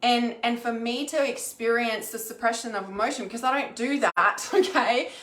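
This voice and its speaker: A fairly high-voiced woman speaks to her viewers in an echoey room. She is frank and sweary, and she keeps checking in with "okay?" as a healer sharing her own experience. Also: normal speed, a bit bright. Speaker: intuitive healer and mentor. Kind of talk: casual, candid vlog talk to viewers.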